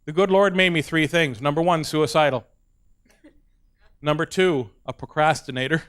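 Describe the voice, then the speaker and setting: A middle-aged man doing stand-up, telling animated stories about his kids and slipping into soft, earnest asides. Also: on the high side, moderate pace. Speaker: stand-up comedian. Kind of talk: stand-up comedy storytelling.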